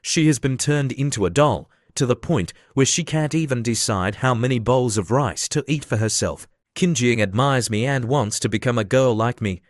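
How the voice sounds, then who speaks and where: A calm young woman laying out her reasoning point by point, as a male narrator reads her lines. She stays even and persuasive. The reading is mid-pitched and the recording is dry. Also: normal speed, few pauses, no room sound, natural voice. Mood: persuading.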